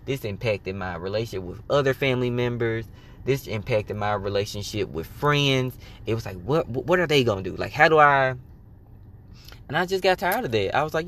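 Man, solo podcast host, casual monologue, swears a lot, animated retelling, mid-pitched voice. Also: brisk. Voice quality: candid, swears freely, animated self-quoting.

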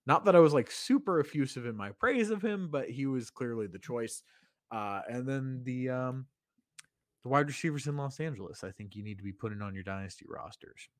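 A man's voice: lowish voice, fairly bright tone, no echo, clean studio sound. A man co-hosting a podcast in casual chat, laid-back and jokey, with frequent um and uh. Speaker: podcast co-host.

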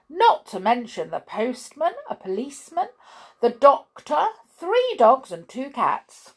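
A woman reading a children's storybook aloud in an expressive, sing-song way with small slips. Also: on the high side, takes it slowly, breathy edge.

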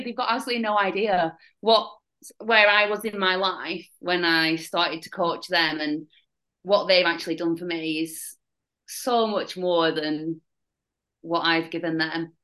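A young woman with a Northern English accent, a fitness coach talking candidly as a podcast guest, blunt and quick to laugh at dark stories. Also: on the low side, fairly even intonation, rough recording. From Northern England. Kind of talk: casual chat.

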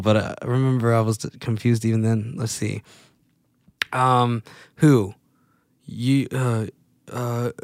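A man's voice: medium pitch, no echo, clean studio sound. A man chatting casually to his viewers, rambling and laughing at his own mistakes. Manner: self-deprecating, rambling, laughs at himself. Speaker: vlogger. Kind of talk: casual chat to camera.

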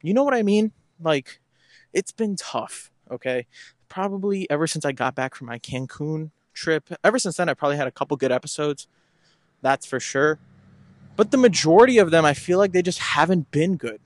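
A man's voice: fairly high pitch, lively intonation, normal speed, no room sound, clean studio sound. A man hosting a podcast, talking casually into his phone while outdoors on a walk, a little out of breath, rambling and correcting himself as he goes. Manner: rambling, self-correcting and candid. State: slightly out of breath from walking. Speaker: podcast host. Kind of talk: casual walking monologue.

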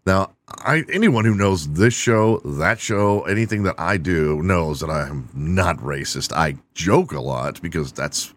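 A man's voice: sits low, animated, measured pace, few pauses. A man hosting his own podcast, delivering an irreverent, profane comedic monologue and laughing at his own jokes. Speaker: podcast host.

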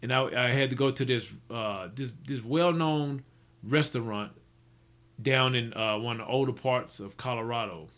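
A man's voice: mid-range voice, normal speed, a bit bright. A man telling stories from his business life in a rambling, casual way, full of restarts and fillers. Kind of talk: casual storytelling.

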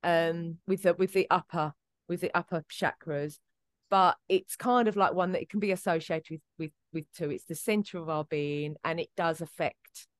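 Chatty woman with a lowish voice. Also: normal speed, no room sound. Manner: chatty, many fillers and restarts. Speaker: podcast co-host. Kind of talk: casual chat.

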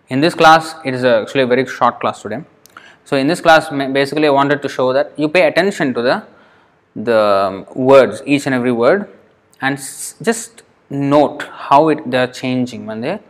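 A man teaching a Sanskrit class, patiently spelling out words and repeating them slowly as he explains sandhi rules. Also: mid-range voice.

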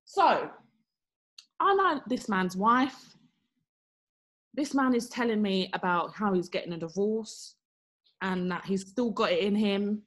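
A woman's voice: medium pitch, a little slow, pauses often. A young woman, co-hosting a podcast and telling a story in casual chat, acting out the people she quotes. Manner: animated, acts out quotes with exaggerated voices. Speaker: podcast co-host.

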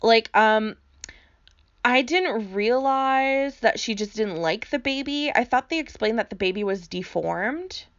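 A woman's voice: fairly high pitch, a little slow. A woman co-hosting a podcast in casual chat, laughing often and swearing casually. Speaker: podcast co-host. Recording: dull lo-fi sound.

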